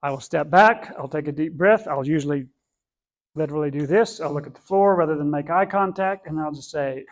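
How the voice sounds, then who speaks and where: A man's voice: on the high side, fairly quick. A man teaching an adult church class in a conversational way, earnestly repeating and rephrasing as he explains.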